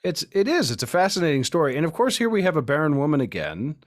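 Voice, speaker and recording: A man's voice: fairly high pitch, sing-song, fast. A man co-hosting a Bible podcast who explains the historical background in a thoughtful way, with frequent "uh" and "um". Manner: thoughtful, explanatory, many fillers. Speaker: podcast co-host. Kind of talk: casual Bible discussion.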